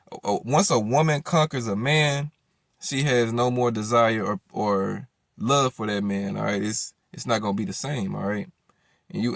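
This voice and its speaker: A man's voice: medium pitch, vocal fry, no room sound. A man telling a profane personal story in casual talk, often acting out both sides of an argument. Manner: profane, animated retelling with quoted dialogue.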